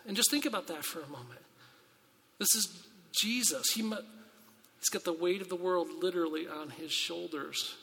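A pastor with a high, bright voice delivers a sermon in a conversational, earnest way, firing off rhetorical questions and restarting phrases. His voice rings through a church sanctuary with a long, trailing reverb. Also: big pitch swings, moderate pace. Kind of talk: sermon with scripture reading.

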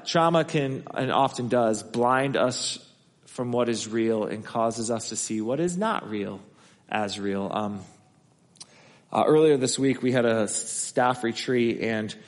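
A man preaching a conversational sermon as pastor, acting out the voices he quotes. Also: mid-range voice. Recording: long hall reverb.

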